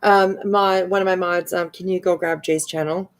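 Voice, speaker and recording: A woman streamer giving chatty, sarcastic commentary on online drama, with drawn-out exclamations and casual swearing. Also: on the low side, fairly even intonation. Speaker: live streamer.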